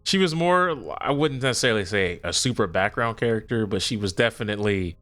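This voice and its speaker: A man with a bright, forward voice gives his opinions on a podcast. His pitch swings widely as he talks, and he speaks emphatically and directly to the audience. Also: expressive, brisk. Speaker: podcast co-host. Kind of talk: casual chat.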